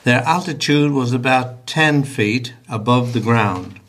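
A man reads a historical account aloud on a talk programme. His delivery is measured, with occasional hesitations and asides. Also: medium pitch, a bit bright. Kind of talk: reading a story aloud.

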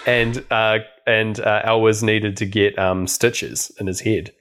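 A man's voice: on the low side, fairly even intonation, slow, a bit bright. A man co-hosting a podcast, casually recapping a film with a chatty, laughing manner. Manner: chatty, laughing, lots of fillers. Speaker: podcast co-host.

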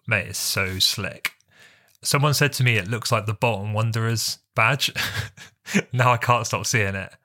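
A man's voice: fairly low pitch, measured pace, bright, forceful tone. A man co-hosting a casual football podcast, with wry, teasing banter. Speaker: podcast co-host.

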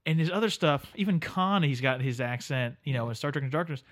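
A man co-hosting a podcast in loose, joking chat, with lots of fillers and restarts. He talks fast, and his fairly high voice jumps around a lot as he rambles. It sounds relaxed and playful. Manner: joking, rambling, quick talk with many fillers. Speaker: podcast co-host. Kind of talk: casual chat.

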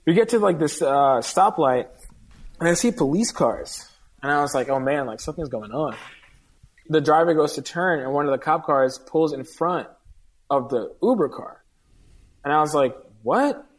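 A man appearing as a guest tells a long personal story in casual conversation, earnestly acting out what the people in it said. His voice is on the high side, at a moderate pace.

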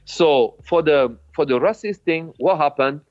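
A man, a former footballer, recounting his memories in an interview in halting non-native English. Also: fairly high pitch, faint music behind. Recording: dull lo-fi sound.

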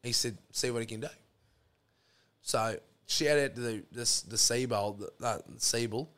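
A man's voice: medium pitch, measured pace, fairly bright tone, clean tone. An Australian man telling a rambling, sweary story in a casual chat, throwing in lots of "mate". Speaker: podcast guest.

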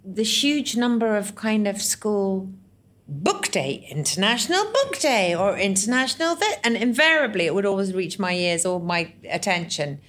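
A woman from Scotland in casual chat, telling stories in a lively, self-mocking way. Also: medium pitch, moderate pace. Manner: chatty, self-mocking, lively storytelling with put-on voices.

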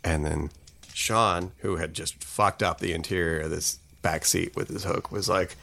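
A man telling an improvised comic story in a mock-spooky, deadpan way, as host. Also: sits low, a little slow, vocal fry.

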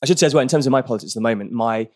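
A man's voice: medium pitch, very fast. A man from Britain being interviewed on a podcast, speaking earnestly and thoughtfully with frequent restarts. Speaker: barrister and activist guest.

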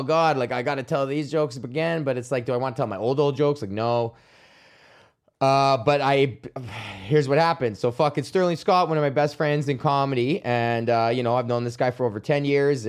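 Rambling, profane young man telling stories. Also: mid-range voice. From Canada. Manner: rambling, profane, laughing storyteller. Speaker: podcast host. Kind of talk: casual monologue.

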